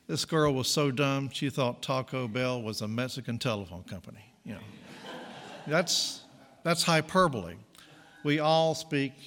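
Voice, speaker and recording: A man's voice: medium pitch, a bit bright. Guy preaching a sermon, chatty and joking around, lots of echo from a big hall. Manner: conversational, self-correcting, jokey asides. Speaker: pastor.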